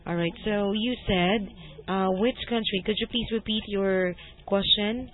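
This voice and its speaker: Slow, patient woman tutor on a call. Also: mid-range voice, fairly even intonation. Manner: patient, corrects gently, laughs often. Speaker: English tutor. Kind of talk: online one-to-one language lesson. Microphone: video call. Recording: tinny call audio.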